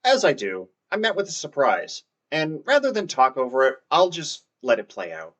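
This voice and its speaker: A man's voice: on the high side, wildly swooping pitch, moderate pace, a bit bright, muffled recording, faint music behind. A man narrating his farming game playthrough in a wry, self-deprecating scripted style. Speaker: gameplay narrator.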